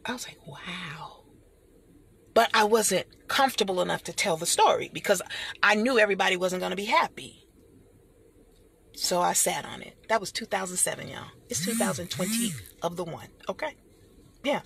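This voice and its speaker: A middle-aged woman delivers a motivational talk with a preacher's rhythm, calling her listeners honey and y'all. Her voice is husky and a little gravelly, with a bright, forceful edge. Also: mid-range voice, lively intonation, fairly quick. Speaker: motivational speaker.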